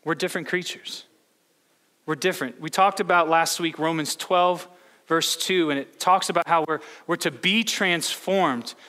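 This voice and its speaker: Male pastor, bright tense voice, chatty sermon full of restarts, echoing church hall. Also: a little high, steady tone, normal speed. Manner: storytelling with many restarts. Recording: long hall reverb.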